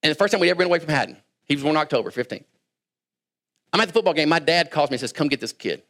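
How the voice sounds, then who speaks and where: A man preaching a sermon, talking conversationally and swinging between quiet asides and raised, emphatic lines. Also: fairly high pitch, expressive, very fast. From Kentucky. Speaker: pastor.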